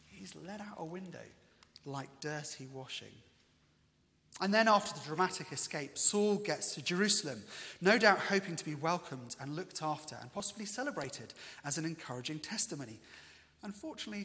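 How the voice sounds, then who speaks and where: A man preaching a sermon in a lively storytelling way, with bits of humour. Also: a little high, big-room sound.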